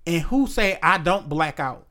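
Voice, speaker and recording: A man's voice: fairly high pitch, lively intonation, measured pace, sharp tone. Blunt, emphatic man in casual chat. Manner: blunt, emphatic storytelling with quoted voices.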